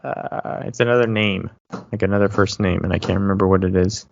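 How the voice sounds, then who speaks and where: A man's voice: low-pitched, fairly even intonation, fairly quick, gravelly, no room sound, highs cut off. A man co-hosting a podcast in casual chat, knowledgeable, with a dry joking manner. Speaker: podcast co-host.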